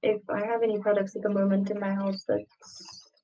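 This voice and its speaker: A woman answering questions from a stranger on a video chat, pausing to find her words. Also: mid-range voice, little pitch movement, dark tone. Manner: hesitant, thoughtful. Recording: muffled distant call audio.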